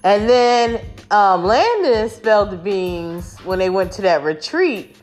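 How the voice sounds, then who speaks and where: A woman's voice: mid-range voice, animated, slow pace, darkish tone, faint music behind. A woman chatting casually to her viewers, rambling with lots of fillers and restarts and calling them y'all. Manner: talks to her audience as y'all. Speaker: vlogger recapping a reality show.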